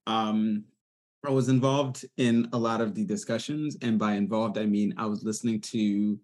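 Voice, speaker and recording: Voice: medium pitch, fairly even intonation, normal speed, darkish tone. A podcast co-host in casual conversation. They speak in a matter-of-fact way and chime in with details. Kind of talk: casual chat.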